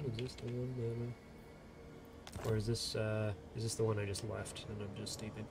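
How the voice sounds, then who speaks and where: Over music, a man with congested sinuses gives rambling, self-deprecating live-stream commentary on a strategy game tournament. His voice is nasal, medium-pitched and steady in tone, at a normal speed.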